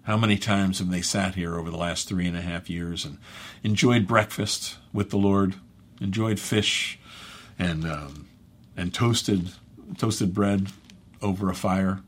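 A man speaking as a pastor, teaching through a scripture passage in a conversational, halting way and correcting himself as he goes. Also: deep voice. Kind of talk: bible teaching.

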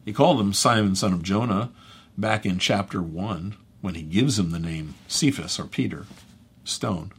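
A man speaking as a pastor, teaching through a scripture passage in a conversational, halting way and correcting himself as he goes. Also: deep voice, breathy edge. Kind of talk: bible teaching.

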